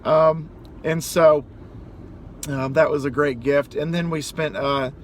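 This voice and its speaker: A man's voice: on the high side, steady tone, slow. A young man ranting casually as a vlogger, telling a rambling story with mock outbursts. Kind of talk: casual rant. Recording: background traffic noise. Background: street and car noise.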